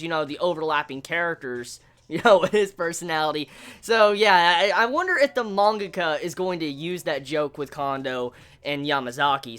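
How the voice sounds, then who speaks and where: Excitable, swearing woman reviewing anime. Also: deep voice. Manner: excitable, swears a lot, laughs often. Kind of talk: casual anime review monologue.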